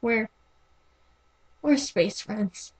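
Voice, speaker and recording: A woman voicing a gentle, remorseful male robot sphere who speaks quietly and haltingly. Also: fairly high pitch, slightly rough, exaggerated voice, poor audio. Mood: tender.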